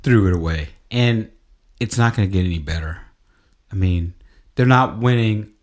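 A man hosting a casual motor racing podcast, talking in an animated way that rises to exclaiming rants. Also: fairly low pitch, normal speed. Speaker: podcast host. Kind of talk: casual sports podcast chat.

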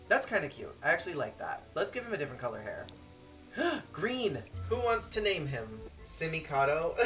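A streamer narrating a life-sim game in a bright, forceful voice that leaps from low asides to squeals. The delivery is joking and playful, full of bursts of laughter, with faint game music underneath. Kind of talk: let's-play commentary.

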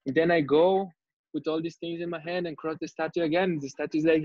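A male artist, interviewed over a video call, telling a story in a relaxed, rambling way with many restarts. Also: fairly high pitch, quick pace, no room sound. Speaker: artist guest. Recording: dull lo-fi video call audio.

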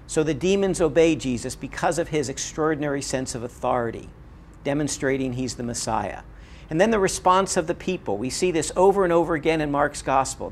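A man's voice: fairly high pitch, gravelly, a little hiss or hum. A man giving a recorded Bible lecture, earnest and emphatic, repeating his key points. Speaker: Bible teacher.

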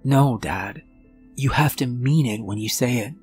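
A man voicing a young girl who speaks softly and earnestly to her father in a horror story narration. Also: mid-range voice, measured pace, faint music behind, voice pushed up, natural voice. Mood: urging.

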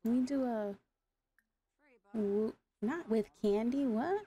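A woman's voice: on the high side, expressive, slow, dark tone, husky. A woman giving casual gameplay commentary, exasperated and talking back to the characters on screen. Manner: exasperated, talks to the game characters. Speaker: gaming YouTuber.

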